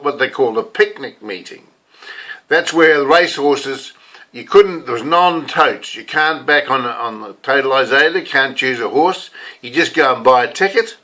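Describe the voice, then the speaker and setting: An older New Zealand man, a lay preacher with a New Zealand accent, speaks in a mid-range voice with a sharp tone. His casual sermon rambles along as a confession, packed with personal stories.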